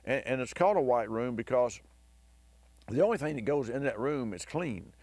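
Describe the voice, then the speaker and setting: A hoarse man hosting a car advice radio show, telling a long rambling story with enthusiasm. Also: mid-range voice, expressive, moderate pace, a little mellow, no room sound. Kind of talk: talk radio monologue.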